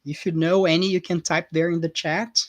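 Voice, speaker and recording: A man teaches English in a live online class. He goes slowly and patiently, repeats each word, and keeps checking in with his students. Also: on the high side, little pitch movement. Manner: patient, repetitive, checks in with "right?" constantly.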